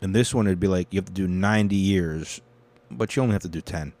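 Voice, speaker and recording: A man's voice: sits low, fast, a little mellow. A young man hosting a casual news commentary, rambling and swearing freely. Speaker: show host.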